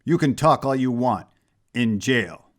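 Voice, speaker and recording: A man doing a steady, upright soldier hero. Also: medium pitch, measured pace, lightly acted. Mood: stern.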